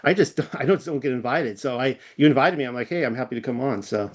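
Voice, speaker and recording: A man's voice: medium pitch, quick pace, muffled recording. A man with a Californian accent, a guest in a casual online chat, rambling with fillers and restarts. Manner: rambling, self-deprecating, many fillers and restarts. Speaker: podcast guest.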